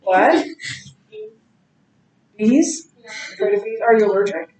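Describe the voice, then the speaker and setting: A middle-aged woman teaching a Bible class in a casual, animated way, telling stories and laughing easily. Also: medium pitch, slow pace. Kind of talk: casual classroom lecture with anecdotes. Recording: echoey classroom, distant mic.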